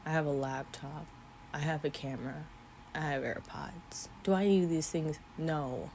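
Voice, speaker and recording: A woman in her twenties, vlogging into her camera mic, speaks earnestly about her faith, sometimes teary-eyed and letting out small laughs. Her voice sits low and a little mellow, with fairly even intonation and a slightly slow pace. There's slight background noise.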